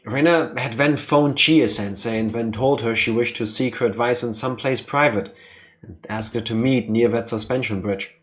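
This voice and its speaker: A man's voice: medium pitch, normal speed. A man hosting a let's play, reading a visual novel aloud with playful, joking asides.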